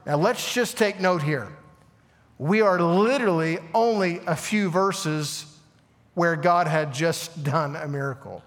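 A man with a high voice delivers a lively sermon, tossing questions and asides to his congregation. His voice rings out with a long reverb from a church hall. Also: normal speed. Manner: animated preaching with asides to the congregation. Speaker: pastor.

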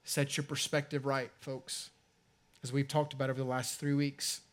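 A man preaches as a pastor in a mid-range voice with a level tone, keeping things conversational. He slows sharply on key phrases and softly trails off at the ends.

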